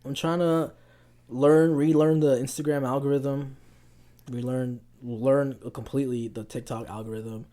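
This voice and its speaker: A young man co-hosting a podcast, telling stories in casual chat with lots of restarts and an animated, rambling delivery. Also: medium pitch, a little slow. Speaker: podcast co-host.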